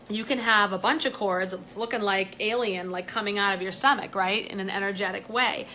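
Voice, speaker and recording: A woman's voice: medium pitch, bright, forceful tone. A woman giving a live angel card reading in a chatty way, often saying "you know" and greeting viewers as she goes.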